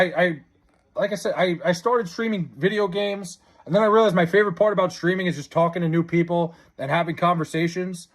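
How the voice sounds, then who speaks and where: With a voice that sits high, a young live-streamer chats casually and reads viewer comments aloud. He's excitable, stammers, and restarts his sentences often.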